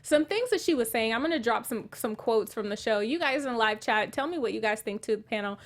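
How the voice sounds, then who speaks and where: A woman's voice: on the high side, lively intonation, brisk. A woman hosting a casual panel chat, reading out live chat comments and leading the discussion. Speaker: podcast host.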